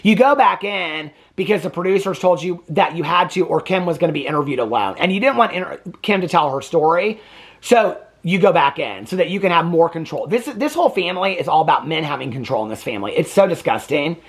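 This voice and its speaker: A man's voice: on the high side, expressive, a little fast. A man hosting a reality TV reaction video, ranting indignantly and swearing freely in casual commentary. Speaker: TV reaction host.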